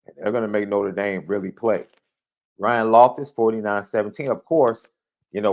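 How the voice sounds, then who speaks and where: A man hosting a live sports podcast, chatting casually and reading out viewer predictions with excited jumps in his voice. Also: highs cut off. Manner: animated, excitable, jumps in pitch. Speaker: podcast host.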